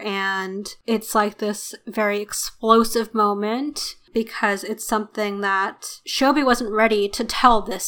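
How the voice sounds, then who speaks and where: A woman co-hosting a book podcast, casually retelling chapters and acting out the characters' lines. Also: medium pitch. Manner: animated retelling, acts out quoted lines. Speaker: podcast co-host.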